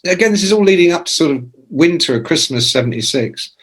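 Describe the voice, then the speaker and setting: A man in his sixties, a rock journalist telling profane, lively anecdotes as a podcast guest. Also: fairly high pitch, fast talker. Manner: lively, profane, acts out quoted voices. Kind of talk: anecdotal storytelling in a podcast interview.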